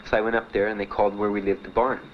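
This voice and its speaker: Low-voiced older man recalling his past. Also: level tone, dull audio, a little hiss or hum. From Miami. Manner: plain, halting storytelling with many "uh"s and "you know"s. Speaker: Vietnam veteran interviewee. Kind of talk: personal recollection in an interview.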